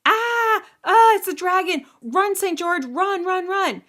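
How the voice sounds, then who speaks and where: A woman's voice: on the low side, moderate pace, a bit bright, natural voice. Woman doing frightened young princess, tearful, pleading, urgent, storybook telling. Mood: panicked.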